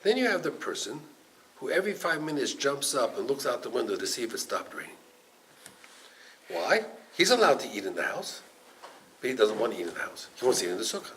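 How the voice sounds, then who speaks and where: A man's voice: mid-range voice, a little fast, pauses often, slight background noise, low-quality recording. An older man, a rabbi, teaching a Torah class, telling stories and acting out the voices in them, with Hebrew and Yiddish terms mixed in. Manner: animated storytelling, acts out quoted voices.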